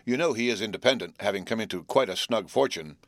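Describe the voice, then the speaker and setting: A man's voice: lowish voice, fairly bright tone, dry recording. A man voicing a cheerful teenage boy who teases his friends while telling news. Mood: teasing. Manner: teasing, drawn-out storytelling.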